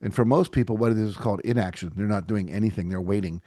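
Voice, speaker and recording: Middle-aged male guest, lively storyteller, dry close sound. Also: fairly low pitch, fast, no echo. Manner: animated storyteller, acts out quotes. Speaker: podcast guest. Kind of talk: casual interview chat.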